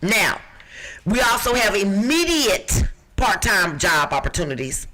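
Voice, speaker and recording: A middle-aged woman from the Midwest with a rough-edged voice, co-hosting a podcast and reading out job listings in a brassy, emphatic, joking way. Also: mid-range voice, very animated, measured pace, sharp tone. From Chicago. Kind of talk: lively podcast chat.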